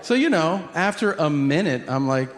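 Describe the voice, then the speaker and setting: A man's voice: on the high side, expressive, moderate pace. A male stand-up comedian telling a story on stage, acting out quotes and laughing through his punchlines. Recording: live stage recording with loud ambient noise.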